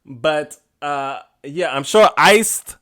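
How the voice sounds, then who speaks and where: A man hosting a podcast alone, telling a rambling casual story with frequent laughs and sudden animated outbursts. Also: fairly high pitch, drawn-out words, no echo, studio quality. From United States. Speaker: podcast host. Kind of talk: casual solo monologue.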